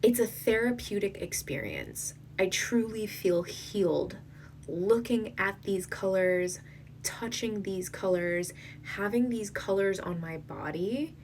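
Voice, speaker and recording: Slow, gushing beauty vlogger woman. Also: mid-range voice, expressive, a little mellow, recorded from a distance, a little hiss or hum. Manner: gushing, emotional, slow and breathy, dips into whispers. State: tearing up. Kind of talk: makeup swatch review.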